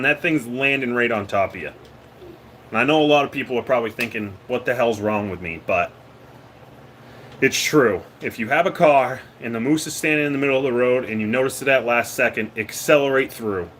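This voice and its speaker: A livestream host from Maine, USA, chats casually with viewers live, joking and laughing often and letting his sentences trail off. His medium-pitched voice is fairly bright, with slight background noise.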